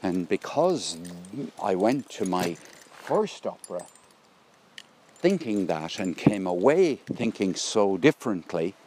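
Man, middle-aged, very low voice, rambling thoughtful vlog, outdoors by a stream, faint ambience. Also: sing-song, slow pace, darkish tone, a little hiss or hum. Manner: musing, rambling with restarts. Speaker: vlogger. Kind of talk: casual spoken diary.

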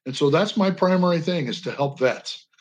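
An older man speaks as a radio guest, with a voice pitched a little high for a man. He tells stories earnestly and passionately, pushing his intonation up and down for emphasis. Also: moderate pace. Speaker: guest, veteran advocate. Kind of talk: storytelling radio interview. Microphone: radio call-in line.

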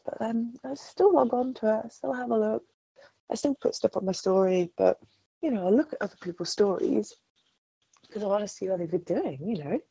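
A woman chatting casually on a podcast, rambling with many fillers and hesitations. Her voice is gravelly, husky and dark, on a dry, muffled lo-fi recording. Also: medium pitch, no echo. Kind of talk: casual chat.

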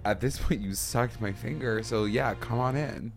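A man co-hosting a podcast, talking in an animated, dramatic, joking way. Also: normal speed, gravelly, soft background music. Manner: animated and dramatic, jumps to higher pitch when excited. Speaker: podcast co-host. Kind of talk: casual comedic chat.

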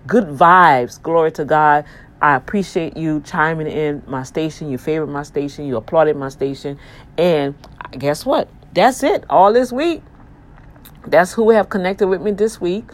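A woman's voice: deep voice, measured pace. A woman hosting her online radio show, thanking listeners in an effusive, preachy manner full of praise-God exclamations. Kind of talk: casual talk with listener shout-outs.

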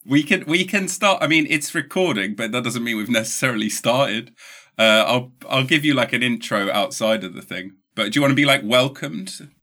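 A man's voice: medium pitch, moderate pace, sharp tone. A young man hosting a podcast, joking and teasing his guest in casual chat. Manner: jokey, teasing. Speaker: podcast host.

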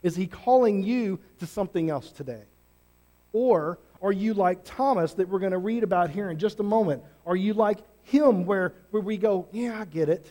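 A pastor preaching a sermon in an energetic, conversational, emphatic way. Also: male voice, sits high, moderate pace.

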